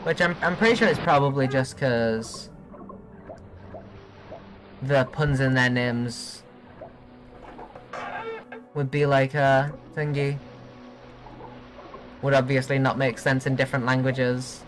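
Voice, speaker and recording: A young man streaming a video game live, chatting excitably and giggling with his viewers. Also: medium pitch, slow pace, long pauses, soft background music. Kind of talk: live gameplay commentary.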